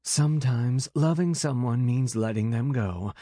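A man voicing a worried wolf-shifter mother in an audiobook, gentle and earnest. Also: medium pitch, measured pace, breathy edge, dry recording, studio quality.

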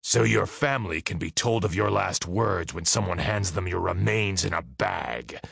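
A man's voice: sits low, normal speed, vocal fry, fairly bright tone, husky, no room sound, clean studio sound, heavily acted. A man doing a growling, brutish tavern brute. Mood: menacing. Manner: growling, threatening. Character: big brutish male tavern brawler, hot-tempered.

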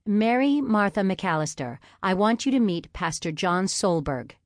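A cheerful young farm wife, bright and lively, speaking with a flourish in a high, eager voice, as a woman narrator puts her on. The recording is dry and close. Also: a little slow, no room sound, lightly acted.

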